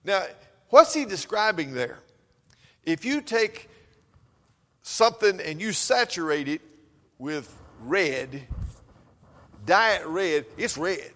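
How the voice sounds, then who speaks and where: A man preaches a sermon in a fairly high voice. He swings from loud, urgent calls to low, quiet passages, and his words hang in the long reverb of a big hall.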